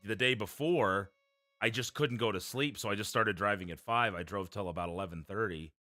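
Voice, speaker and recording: Bright-toned low-voiced man. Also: fairly quick, no room sound, clean studio sound. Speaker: podcast co-host. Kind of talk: casual chat.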